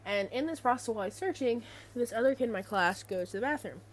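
A woman's voice: fairly high pitch, animated, fast. A young adult woman telling a casual story in a rambling, chatty way full of fillers. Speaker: vlogger.

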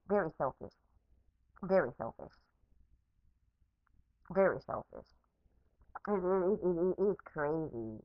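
A woman with a somewhat low voice vents in a heated, unscripted rant, swearing freely and circling back over the same words. It is a phone voice message with a dull, lo-fi sound. The room is dry, with no echo. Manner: profane, repetitive, heated. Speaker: podcaster.

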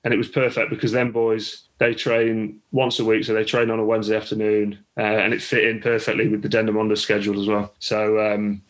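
English male rugby coach guest, chatty storyteller, level and even delivery. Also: on the low side, fairly quick, hardly any pauses, poor audio. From England. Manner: chatty, with many restarts and laughs. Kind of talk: casual interview storytelling.

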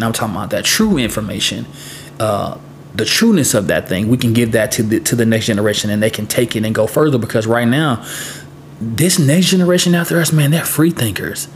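Middle-aged guy doing a solo podcast, earnest and reflective, stumbles over words, mid pitch, faint hiss behind. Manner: earnest, reflective, repeats words while thinking. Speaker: podcast host.

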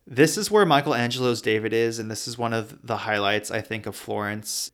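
A man narrating a casual travel vlog, chatty and relaxed, sometimes stopping to spell out place names letter by letter. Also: mid-range voice, smooth. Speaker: travel vlogger.

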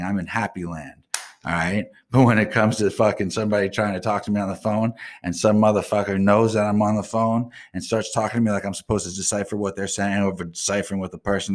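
A deep, low-pitched man rants on his own live stream show, cursing in nearly every sentence. He talks in blunt, casual slang and drifts into loose asides. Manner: swears constantly, blunt and ranting. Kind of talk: profane solo rant.

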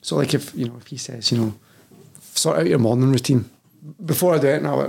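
A man's voice: mid-range voice, fast, gravelly, a little mellow, slightly rough. A Scottish man in his thirties, a personal trainer talking candidly as a podcast guest, swearing freely and calling the host "mate" constantly. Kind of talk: casual podcast chat.

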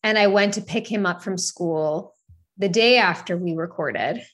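A woman's voice: mid-range voice, unhurried, a bit bright. A woman in her thirties telling a personal story in casual podcast chat, candid, swearing freely and leaning on "like" fillers. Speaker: podcast co-host.

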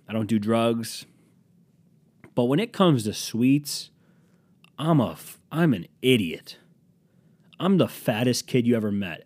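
A man's voice: medium pitch, darkish tone, no room sound. A young man hosting a solo podcast, rambling in a jokey, self-deprecating way with some swearing. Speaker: podcast host.

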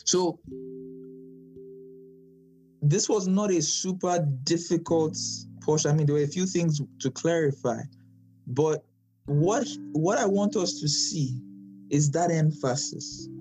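A man's voice: a little high, slow, pauses often, darkish tone, faint music behind, rough recording. A man teaching a Bible study in an emphatic way, often repeating phrases for stress.

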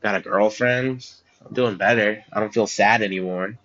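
A man's voice: on the low side, fairly even intonation, normal speed, a bit bright, muffled recording. A teenage boy hosting a student podcast alone, joking and rambling from topic to topic, recorded in a school recording room. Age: teens. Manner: joking, self-deprecating, goes off on tangents. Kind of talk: rambling solo podcast chat.

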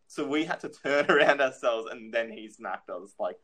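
A man's voice: medium pitch, expressive, a little fast, few pauses, fairly bright tone, slight background noise. A young man in casual chat, telling a childhood story, laughing often and swearing freely.

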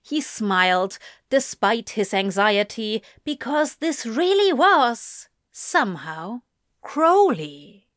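A woman narrating a fiction audiobook in a slow, expressive manner. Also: on the high side, no echo, studio quality.

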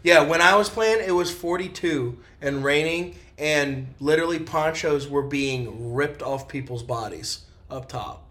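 A man hosting a podcast, chatting casually and excitably about football in a slangy, trash-talking way. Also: fairly high pitch, measured pace, few pauses. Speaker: podcast host. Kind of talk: casual sports chat while watching a game.

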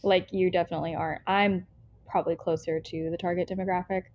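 A woman's voice: fairly low pitch, little pitch movement, quick pace. A young American woman co-hosting a book podcast, chatting casually and rambling, with lots of fillers and self-interruptions. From United States. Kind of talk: casual book review chat. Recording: slightly dull lo-fi sound.

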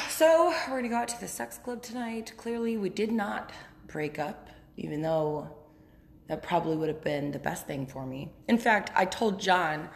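A woman giving a candid, profane solo podcast update, chatty and quick to laugh. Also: deep voice. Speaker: podcast host. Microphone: phone app.

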